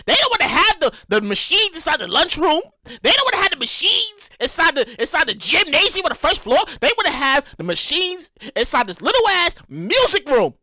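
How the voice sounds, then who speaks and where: Woman, New York accent, high bright voice, dry close sound, animated podcast storytelling. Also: a little fast, dry recording. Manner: animated, profane, exaggerated reenactments. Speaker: podcast host. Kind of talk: casual storytelling monologue.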